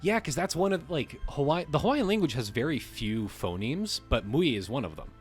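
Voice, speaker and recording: A man's voice: medium pitch, very animated, normal speed, soft background music. A man hosting a livestream, reading a text aloud and breaking off to riff on it casually, swearing now and then. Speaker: livestream host.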